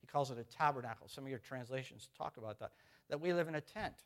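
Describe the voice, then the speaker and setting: A man's voice: mid-range voice, fast talker. A middle-aged man preaching a conversational sermon as pastor, repeating phrases and putting questions to the congregation.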